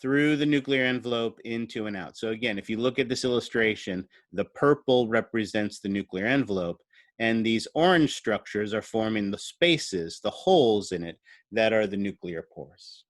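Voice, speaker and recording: A man's voice: fairly low pitch, animated, moderate pace, dry recording, studio quality. A man giving a recorded university biology lecture. He explains step by step while drawing, thinks aloud, and asks the class playful questions.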